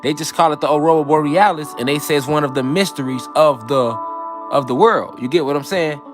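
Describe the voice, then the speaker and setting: A man's voice: fairly high pitch, fairly quick, music in the background. A man giving a casual spiritual lecture, preaching to his listeners, repeating phrases and calling them family. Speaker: spiritual talk host.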